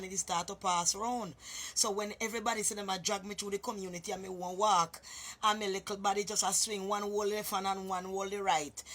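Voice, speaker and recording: A Jamaican woman spins a casual story for her viewers, chatty and direct, calling out to her listeners as she goes. Her voice is bright yet husky. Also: mid-range voice. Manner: chatty, addresses listeners as boy and master.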